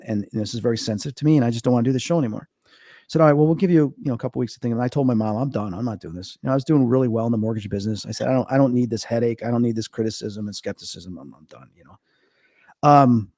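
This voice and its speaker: A man in his fifties from Chicago, a medium being interviewed, telling stories quickly and acting out quoted dialogue. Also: dry recording, studio quality. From Chicago, USA. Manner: fast, animated, acts out quoted dialogue with big pitch jumps. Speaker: guest, medium and paranormal investigator. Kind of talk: casual interview storytelling.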